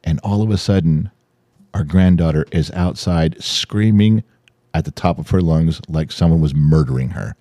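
An older man, co-hosting a podcast, chatting casually and telling animated stories with acted-out voices. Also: very deep voice, moderate pace, no room sound. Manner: animated storytelling, acting out voices. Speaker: podcast co-host. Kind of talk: casual chat.

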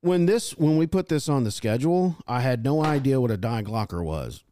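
A man's voice: medium pitch, animated, normal speed, mellow. A man hosting a casual podcast, joking and rambling with his co-hosts. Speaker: podcast host.

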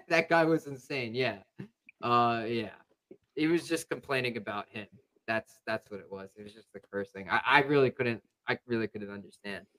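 A man's voice: medium pitch, moderate pace, a bit bright, low-quality recording. A man hosting a sports podcast, telling a story. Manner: rambling storytelling with many fillers. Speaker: podcast host. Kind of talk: casual sports chat.

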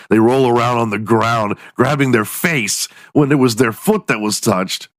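A podcast host with a fairly low voice goes on a casual rant full of profanity, jumping high in pitch for sarcastic punchlines. The sound is dry and close, without any room echo.

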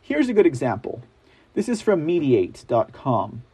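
A man's voice: on the high side, huge pitch swings, normal speed, mellow, husky. Chatty man hosting a commentary show. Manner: chatty, many fillers, addresses viewers as guys; sarcastic asides when reading articles. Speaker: news commentary host. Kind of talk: casual political commentary show.

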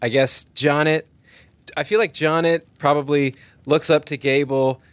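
A man's voice: a little high, steady tone, measured pace, smooth, dry recording. A man playing a tabletop game, describing his character's moves with many halts and fillers. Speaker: player.

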